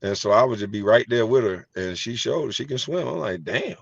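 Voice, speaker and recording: A middle-aged man hosting a casual chat, telling animated, profane stories and laughing easily. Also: medium pitch, fairly quick, vocal fry, dry recording. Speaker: host. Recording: dry, slightly dull sound.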